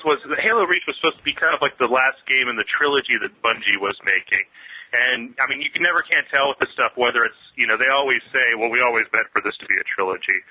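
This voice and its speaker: A man co-hosting a gaming show by phone, rambling through his opinions. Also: medium pitch. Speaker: co-host calling in. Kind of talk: casual call-in chat. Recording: phone-line audio.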